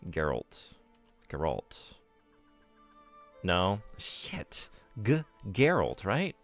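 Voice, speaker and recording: A man's voice: low-pitched, huge pitch swings, extremely slow, faint music behind. A man streaming a game, chatting casually with his viewers and poking fun at himself. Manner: chatty, self-deprecating, reads and answers chat. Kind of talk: casual live-stream chat while gaming.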